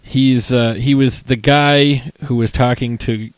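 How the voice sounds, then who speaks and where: A man's voice: medium pitch, fairly even intonation, slow, dry recording. Rambling, chatty man with a dry voice. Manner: rambling, full of "like" and restarts, retells scenes animatedly. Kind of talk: casual chat reviewing a film.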